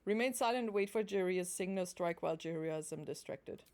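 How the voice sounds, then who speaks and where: A woman's voice: lowish voice, a little fast, a little mellow. A woman streaming a video game, talking casually with sarcasm, swearing and frequent laughs. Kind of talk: casual gaming commentary.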